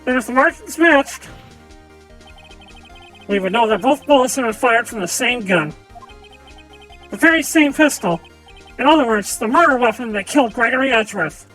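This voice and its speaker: A woman's voice: on the high side, animated, moderate pace, pauses often, fairly bright tone, faint music behind. A woman streaming live, reading a courtroom visual novel aloud and voicing its characters in a theatrical way.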